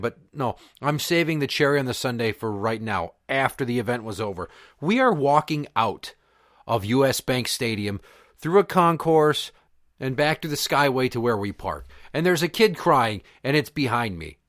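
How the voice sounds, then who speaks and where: A man's voice: mid-range voice, fairly bright tone. A man and father hosting a podcast, delivering an angry, profane and emphatic solo rant. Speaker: podcast host.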